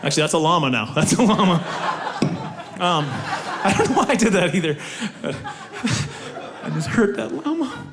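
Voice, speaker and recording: A male stand-up comic in his forties talks with a high, lively voice that bounces around a lot. He makes fun of himself and chats with the crowd, with a steady hiss under the stage recording. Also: fairly quick. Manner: animated, self-mocking, talks to the audience. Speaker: stand-up comedian. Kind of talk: stand-up comedy. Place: theater stage before a live audience.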